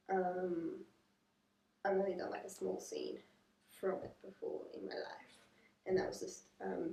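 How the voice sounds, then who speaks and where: A woman's voice: medium pitch, darkish tone. An Australian actress chatting casually about her role, joking and using lots of fillers. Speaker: actor. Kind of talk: casual interview. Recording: roomy, distant camera mic.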